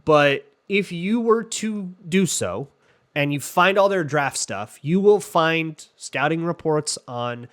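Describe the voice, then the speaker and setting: Man, casual sports talk host, chatty and jokey, fairly high voice, lots of "like" and restarts. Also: expressive, slow pace, fairly bright tone. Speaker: football podcast host answering listener questions. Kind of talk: casual chat.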